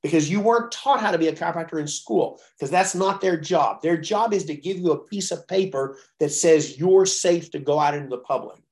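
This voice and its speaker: A man coaching chiropractors in a blunt, profane, animated way, telling stories. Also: a little high, fairly quick, hardly any pauses. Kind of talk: profane coaching talk on a call.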